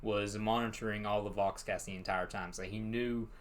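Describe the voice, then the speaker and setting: Laid-back young man with a low voice. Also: fairly even intonation, moderate pace. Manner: laid-back, laughs often, plenty of fillers. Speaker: podcast co-host. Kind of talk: casual book discussion.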